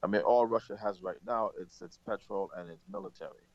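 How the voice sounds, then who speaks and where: A man speaking as a podcast guest, halting often with fillers while giving commentary. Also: on the low side, dry recording. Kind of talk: conversational commentary. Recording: dull lo-fi line.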